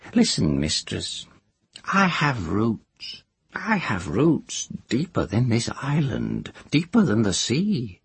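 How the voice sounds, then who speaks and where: Guy doing a crackly old country witch lady, high and swooping all over, husky, rustic talk, dry close sound. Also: dry recording, exaggerated voice. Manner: rustic country dialect, sing-song and drawn out. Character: old female village witch, earthy and rustic. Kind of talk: audiobook character voice.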